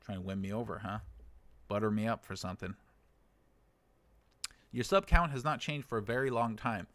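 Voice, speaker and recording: An American man in his thirties hosts a laid-back livestream, answering viewer comments in a rather low voice. His humor is dry and sarcastic, broken up by short chuckles. The sound is close and dry, with no room echo. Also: moderate pace, pauses often, fairly bright tone. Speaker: livestream host. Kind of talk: casual livestream chat reading viewer comments. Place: living in China.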